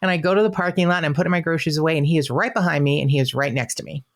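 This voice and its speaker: Animated, foul-mouthed woman storyteller. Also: low-pitched, racing. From Southern California. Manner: animated storyteller, swears freely, acts out quoted voices. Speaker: podcast co-host. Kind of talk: casual chat.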